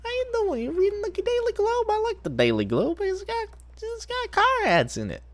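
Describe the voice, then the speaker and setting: A woman's voice: wildly swooping pitch, moderate pace, exaggerated voice. A woman putting on an exaggerated impression of a chatty male talk-show host who keeps repeating himself about cars. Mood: goofy. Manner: squeaky, repetitive, car-obsessed.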